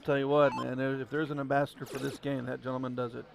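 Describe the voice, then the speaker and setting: A man with an Ozark accent calling a darts match live, folksy, chatty and excitable. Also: medium pitch, quick pace, vocal fry, noisy background. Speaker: darts commentator. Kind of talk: live play-by-play commentary. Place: darts venue. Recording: crowd chatter behind.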